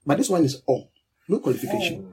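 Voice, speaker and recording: A pastor preaches to his congregation in a fast, somewhat mellow, highish voice with big pitch swings and a breathy edge. He is emphatic and repetitive, hammering key words and leading a prayer line by line.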